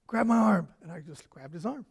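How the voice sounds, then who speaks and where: In this sermon, a man shares his own stories with vivid impersonations, ranging from soft side comments to full shouts. He has a high, husky voice and a brisk pace.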